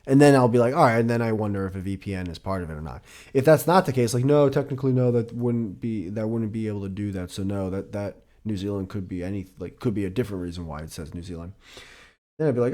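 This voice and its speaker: A man's voice: on the low side, fast talker, a little mellow. A middle-aged man hosting a solo podcast, rambling casually with a lot of swearing and self-deprecating jokes. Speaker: podcast host.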